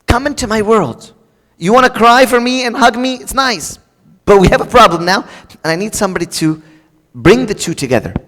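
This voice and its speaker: Guy preaching casual and jokey, lots of "like", voice sits high, big echoey church hall. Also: fairly quick. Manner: lively, joking, talks straight to the congregation; casual filler "like" and restarts. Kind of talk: conversational sermon. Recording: long reverb of a large hall.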